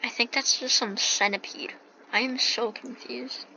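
A woman's voice: a little high, fairly even intonation, a little slow, bright, forceful tone. A woman hosting a gameplay video, reading the on-screen text aloud and asking puzzled questions about what she sees. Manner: reads game text aloud with puzzled remarks. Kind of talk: casual game commentary. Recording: dull lo-fi mic with faint hiss.

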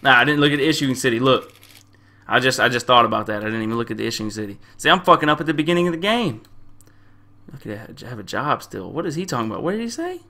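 Young man, bright edgy voice, profane slangy game commentary, repeats himself. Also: mid-range voice, animated, quick pace. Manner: loud, crude trash talk at game characters. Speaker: gamer playing a game. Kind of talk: profane casual gameplay commentary.

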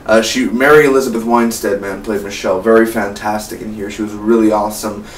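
A man's voice: on the low side, brisk. Rambling teenage guy reviewing a movie. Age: late teens. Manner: rambling, excitable, peppers speech with "man". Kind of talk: casual spoiler review. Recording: echoey room, mic at a distance, faint hum.

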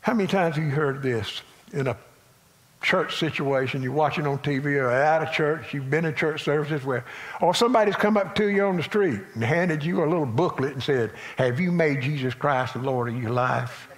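A male pastor with a Southern US accent preaching a sermon in a folksy manner, moving between loud emphatic lines and quiet asides. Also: a little high, moderate pace.

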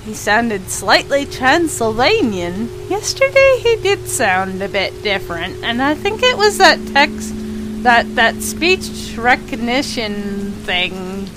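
A woman's voice: fairly high pitch, slow, over music, poor audio. A woman streaming a game live, chatting with viewers and yelping panicked no's. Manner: animated, chatty, yelps panicked repeated no's. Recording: steady rain noise behind the voice.

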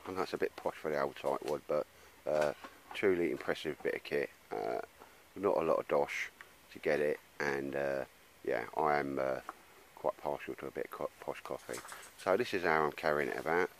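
This outdoor gear vlogger has an extremely low voice and talks at normal speed with hardly any pauses, chatting blokily to a handheld camera in the woods and calling people mate. There's slight background noise.

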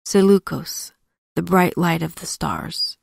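A tearful young princess mourning her loss, pleading and despairing, as a woman narrator reads her part. The voice sits low with a gravelly edge, recorded close and dry. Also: slow pace, dry recording, full character voice. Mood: tender grief. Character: grieving young princess, broken-hearted wife.

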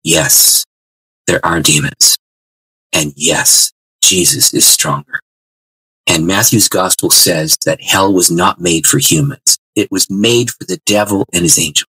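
A man with a bright, husky voice tells his testimony, animated and stumbling over restarts as he goes. The delivery is lower-pitched, and the sound is dry and close. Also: unhurried, dry recording, rough recording. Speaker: guest author. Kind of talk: interview storytelling.

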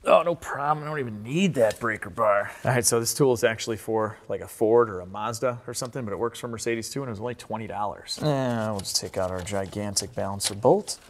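A man hosting a car-repair video who explains his work casually and jokes between tasks, sometimes letting out excited whoops. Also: lowish voice, fast, few pauses. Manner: upbeat and joking, with sudden excited whoops. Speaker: host and car mechanic. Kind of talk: casual repair vlog commentary. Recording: echoey garage reverb.

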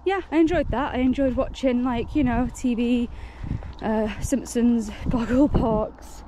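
A woman's voice: fairly high pitch, fairly even intonation, measured pace, mellow, a little hiss or hum. A woman out of breath as she hikes, talking casually to camera in a giddy, gushing way with frequent laughter. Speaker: solo hiking vlogger. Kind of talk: casual talk to camera while walking. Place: outdoors on moorland trail.

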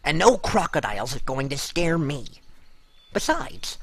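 A man's voice: a little high, sing-song, measured pace, creaky, husky. A man playing an adventurer in a comedy fantasy radio drama, talking in an impatient, exasperated way.

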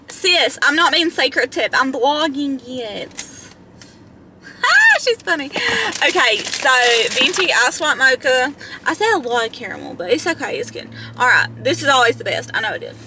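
This young woman's voice sits high and is very animated as she chats at normal speed to her close-up handheld camera. She's vlogging from her car, parked in a drive-thru line, rambling in a self-deprecating way with lots of fillers. Background noise is audible.

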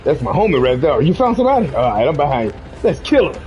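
A man chatting loudly through a video game, joking and swearing as he trash-talks his teammates. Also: on the high side, sing-song, quick pace, highs cut off, soft background music. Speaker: gamer. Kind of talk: casual gaming commentary.

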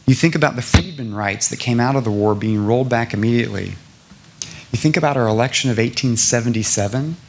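A man's voice: mid-range voice, gravelly. A middle-aged man from South Carolina giving an impassioned public talk, building his points through lists and repeated rhetorical questions. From South Carolina, USA. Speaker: nonprofit president speaking to an audience.

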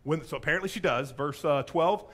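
A man's voice: fairly high pitch, a little fast, fairly bright tone. A man preaching a sermon as pastor, telling a story with playful voices and asides.

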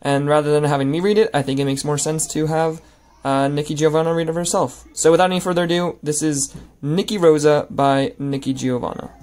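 Man teaching a poem, fairly high-voiced. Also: steady tone, a little fast, darkish tone. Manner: hesitant, many fillers and restarts, talking while writing. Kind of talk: annotated poem lesson.

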